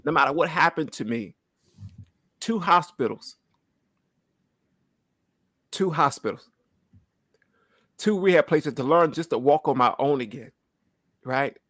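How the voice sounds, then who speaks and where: A man's voice: on the high side, a little fast, a bit bright, no echo. Man in his thirties, church testimony, earnest, holding back tears, dry close sound. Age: 30s. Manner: earnest, repeats phrases, asks "right?" often. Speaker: church member giving testimony. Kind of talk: emotional personal testimony.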